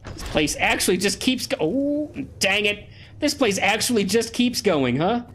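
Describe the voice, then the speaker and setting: A man gives chatty, excitable commentary as he plays through a video game. His voice swings widely in pitch and sits a bit higher than most men's. He is a little under the weather, and faint noise runs behind him. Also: unhurried. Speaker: let's play host. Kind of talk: casual gameplay commentary.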